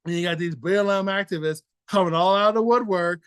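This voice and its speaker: A man's voice: high voice, quick pace, clear, resonant tone, dry recording. A man hosting an opinion commentary show, talking in an earnest, indignant way with many repeats and restarts. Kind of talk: opinion commentary, casual monologue.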